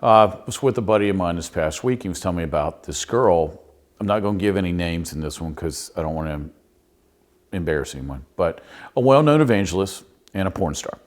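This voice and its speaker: Brief: pastor in his middle years, low voice, relaxed anecdotal podcast monologue. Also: fairly quick. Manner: folksy, anecdotal storytelling with restarts. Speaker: pastor and consultant.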